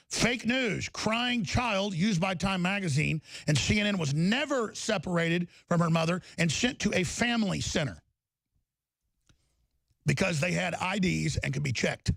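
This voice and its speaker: A man's voice: a little high, creaky, a bit bright, husky, no echo. A man hosting a talk show, delivering heated, emphatic political commentary and repeating words as he gets riled up.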